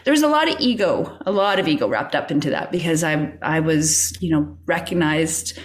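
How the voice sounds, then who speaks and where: A woman's voice: low voice, lively intonation, normal speed. A middle-aged woman telling a personal story as a podcast guest, acting out her own inner dialogue and often laughing.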